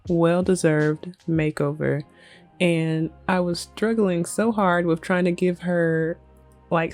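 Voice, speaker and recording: A woman's voice: on the low side, mellow. A woman hosting a let's play, casually narrating her game in a chatty, storytelling way. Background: faint music.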